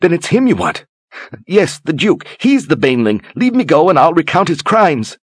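A man voicing a haughty noblewoman, high and shrill, pleading in terror. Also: big pitch swings, takes it slowly, no echo, full character voice. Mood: panicked. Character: panicked haughty noblewoman, terrified.

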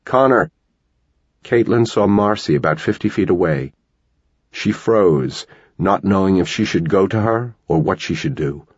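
A man narrating a tense novel in steady storytelling, in a dull lo-fi recording. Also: low voice, normal speed, husky, no room sound. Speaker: audiobook narrator. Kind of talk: scripted narration.

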